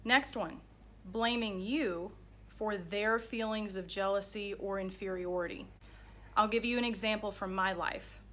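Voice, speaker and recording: A woman's voice: mid-range voice, measured pace, a bit bright. A woman life coach telling a personal story in a candid, conversational way.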